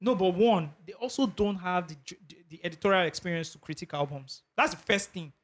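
A man's voice: sits high, quick pace, a bit bright. A Nigerian man co-hosting a casual podcast chat, telling stories with animation and slipping into pidgin and swearing. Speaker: podcast co-host.

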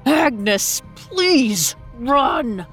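A woman's voice: on the high side, very animated, drawn-out words, fairly bright tone, voice pushed up, exaggerated voice. Lady doing a desperate tormented doctor guy, pleading, music faint under it. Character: anguished gentle man, a tormented doctor.

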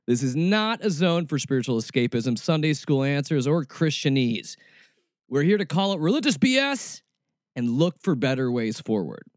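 Animated, sarcastic man hosting a radio show. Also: on the high side, moderate pace, dry recording, clean studio sound. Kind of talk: radio talk show presenting.

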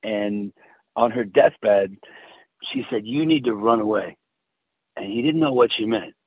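A man telling a personal story in casual chat, halting and restarting often. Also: on the low side, no room sound. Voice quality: husky, halting with many restarts. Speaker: guest. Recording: tinny phone-like sound.

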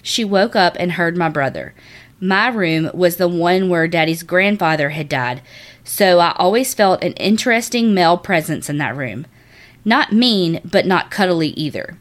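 A lower-pitched woman hosting a chatty podcast. She reads a listener's spooky story, then slides into animated, laughing banter. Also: measured pace. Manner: animated, swears, laughs often. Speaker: podcast co-host. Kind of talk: casual chat and reading a listener story.

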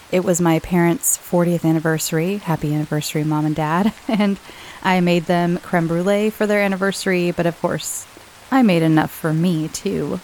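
A woman hosting a podcast, chatting to listeners in a rambling way and laughing often, her voice slightly hoarse from a cold. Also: lowish voice, darkish tone, slight background noise, rough recording. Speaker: podcast host. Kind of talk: casual chat to listeners.

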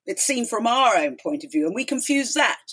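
Middle-aged woman guest, breathy, lively pitch, emphatic storyteller who acts out quotes. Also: a little fast. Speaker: guest, talk show host. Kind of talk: storytelling interview chat.

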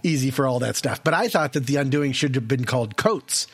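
A man co-hosting a casual movie podcast, joking with quick asides and frequent laughs. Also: medium pitch, lively intonation, breathy edge. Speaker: podcast co-host.

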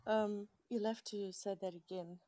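A woman and mother, tearful and halting, apologizing as she shares her feelings in an audio room. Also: on the low side, steady tone, darkish tone, dry recording. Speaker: participant sharing in an audio room. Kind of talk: emotional personal sharing.

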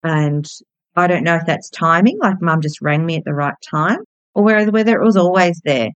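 On her podcast, a woman in her thirties tells a personal story, speaking gently, candidly, and reflectively. Her voice is lowish and her pace normal, with a clean tone. The recording is dry and close-miked, with the high frequencies cut off.

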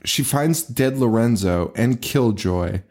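A man's voice: mid-range voice, animated, takes it slowly, a little mellow. A man co-hosting a horror podcast, recapping a movie in casual chat, laughing often and swearing in disbelief. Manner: profane, laughing, incredulous. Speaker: podcast co-host.

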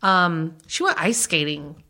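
This Southern American woman sounds sharp and sing-song, her voice on the low side and her delivery slow. As a podcast co-host she chats casually about celebrity gossip, laughing often and filling her talk with fillers.

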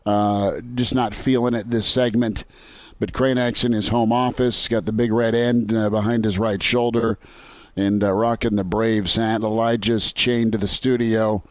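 A man's voice: lowish voice, level tone, unhurried, no room sound. Easygoing sports radio man, dry studio. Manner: easygoing, chuckles often. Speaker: sports talk host. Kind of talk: casual sports radio banter.

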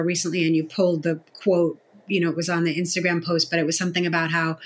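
A woman's voice: on the low side, a bit bright. Woman guest in casual podcast talk.

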